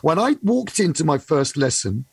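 A man, a musician with Italian parents, chatting and telling animated stories. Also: a little high, moderate pace, husky, dry recording. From Britain, to Italian parents. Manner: animated storyteller, acts out family voices. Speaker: musician and singer. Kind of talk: casual chat.

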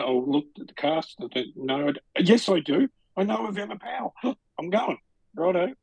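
A man's voice: mid-range voice, no room sound, poor audio. Chatty man telling stories. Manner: chatty, storytelling with lots of restarts. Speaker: podcast co-host. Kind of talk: casual chat.

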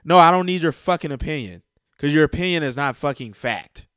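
A man's voice: a little high, expressive, brisk, a bit bright, clear, resonant tone, no echo. Man ranting as a sports fan, exasperated and profane, dry sound. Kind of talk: heated casual rant.

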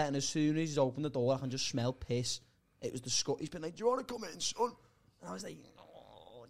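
High-voiced man spinning a yarn. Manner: rambling, repeats "listen" and "like", bursts of laughter. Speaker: podcast guest. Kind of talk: casual comedic storytelling.

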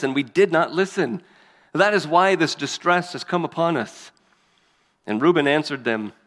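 A man's voice: medium pitch, fairly bright tone. A man reading scripture aloud and preaching as a pastor, earnest and emphatic. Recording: long hall reverb.

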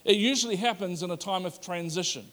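A man preaching a sermon, animated and acting out the voices of the crowd. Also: sits high, fast talker. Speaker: pastor. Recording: long hall reverb.

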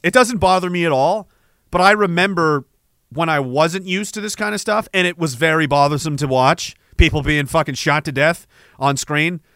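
Male livestream host from Canada; profane, rambling storyteller with a bright, dry voice. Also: a little high, moderate pace, no room sound. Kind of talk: casual livestream chat.

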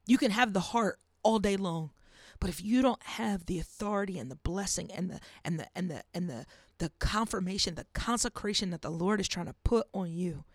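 A woman hosting a faith podcast, preaching earnestly and dropping to a hush for emphasis. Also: mid-range voice, a little fast, no echo, clean studio sound. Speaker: podcast host. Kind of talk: faith-based podcast monologue.

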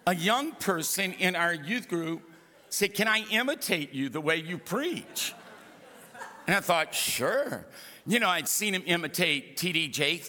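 A male pastor preaches a sermon in a reverberant hall, telling funny stories with animated, humorous asides to the congregation. His voice is high-pitched and his pace unhurried.

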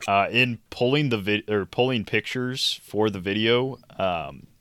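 A man co-hosting a casual podcast, with wry, deadpan humor. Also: lowish voice, a little slow, clean tone, dry recording. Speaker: podcast co-host.

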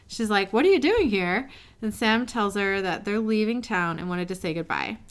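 A woman co-hosting a casual podcast, recapping a TV episode in a lively, laughing way and quoting the characters as she goes. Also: medium pitch. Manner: lively, laughing, quotes characters in quick asides.

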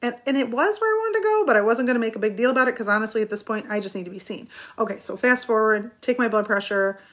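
A middle-aged woman talking to her viewers, recounting a personal story in an animated, chatty way and laughing now and then. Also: a little high, quick pace. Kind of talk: casual storytelling.

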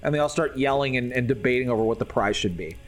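A man's voice: medium pitch, quick pace. A man narrating a tabletop game as game master, loose and casual, with some swearing.

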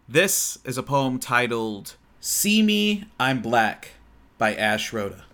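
A male show host introduces each performer with eager emphasis. His voice is strikingly bright and sharp. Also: mid-range voice, big pitch swings, takes it slowly.

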